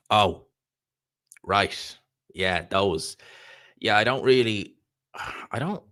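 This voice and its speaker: This Irish livestream host sits low in pitch with a somewhat bright tone, chatting loosely and wandering through replies to questions from his viewers' chat. The recording is dry and studio-clean.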